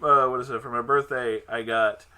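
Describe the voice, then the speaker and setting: A man hosting a casual podcast chat, telling an animated story, acting out the other people's lines and often breaking into laughter. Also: medium pitch, moderate pace, a loud crowd. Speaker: podcast host.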